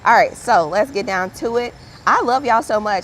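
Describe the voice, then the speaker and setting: A woman's voice: a little high, normal speed, a bit bright, slight background noise. A woman hosting a livestream as a grant writer, chatting casually and encouragingly with her viewers. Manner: upbeat, encouraging, chatty, calls viewers "friend".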